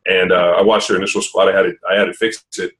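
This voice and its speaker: A man's voice: low-pitched, flat delivery, fast, a bit bright, poor audio. A man telling gym stories on a podcast in a loose, rambling way, full of fillers and restarts. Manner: rambling storyteller, laughs often, many fillers. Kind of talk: casual podcast chat.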